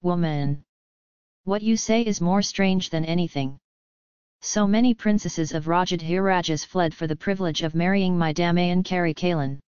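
A woman puts on a proud royal princess of an old storybook court. Her speech is formal, stern and commanding, carried by a very smooth, clear tone that sits a little low. The recording is dry and muffled, with no room around it. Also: moderate pace, a little mellow, no echo, close to an everyday voice.

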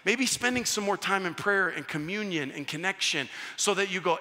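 A male pastor preaching a sermon, telling stories with animated back-and-forth dialogue. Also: high-pitched, moderate pace. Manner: animated storytelling, acting out dialogue. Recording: church hall reverb.

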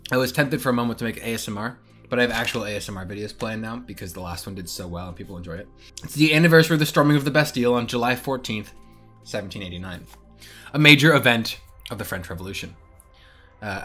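A man's voice: mid-range voice, fairly bright tone. A young man and student rambling casually to camera in a vlog, self-deprecating and chatty. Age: young adult. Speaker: vlogger.

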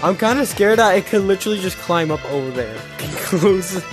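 A man's voice: high voice, lively intonation, moderate pace, music in the background. A man giving gameplay commentary as a gaming YouTuber, jumpy and prone to yelps and screams when startled.

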